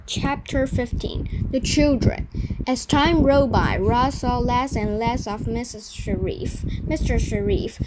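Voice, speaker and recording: A woman reading a children's novel aloud, carefully, with frequent stumbles and self-corrections. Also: fairly high pitch. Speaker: reader. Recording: noisy recording with clicks.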